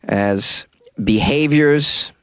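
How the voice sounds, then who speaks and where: A man hosting a comedy podcast, reading odd news stories with sarcastic deadpan asides, recorded in a closet. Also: mid-range voice, extremely slow, smooth, no room sound.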